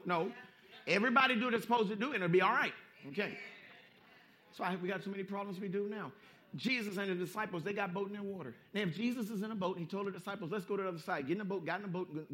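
High-voiced emphatic male preacher. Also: very fast. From Southern California. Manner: emphatic, repeats phrases for effect, swings from hushed to loud; folksy street-style preaching. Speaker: pastor. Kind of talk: sermon.

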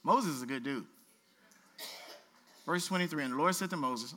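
Man, pastor, sermon, high voice, very bright tone, casual asides between scripture readings. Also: normal speed, slight background noise. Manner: animated preaching, reads scripture aloud with asides and playful voices; colloquial, preacherly exhortation.

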